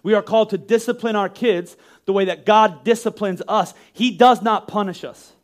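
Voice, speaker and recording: A man preaching a sermon in an animated way, acting out yelling parents with sudden shouts and often repeating words as he restarts phrases. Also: high-pitched, moderate pace. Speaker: pastor.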